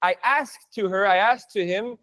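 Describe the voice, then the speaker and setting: A man's voice: high-pitched, normal speed, fairly bright tone. A man teaching a live online Spanish class, playful and chatty, breaking down jokes and phrases for his students.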